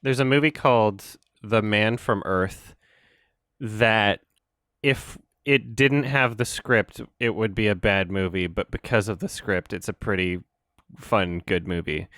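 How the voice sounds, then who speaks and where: A young man co-hosting a podcast, chatting casually in a quick, rambling, sarcastic way and laughing often. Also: lowish voice, a bit bright, dry recording, clean studio sound. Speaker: podcast co-host. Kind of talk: casual chat.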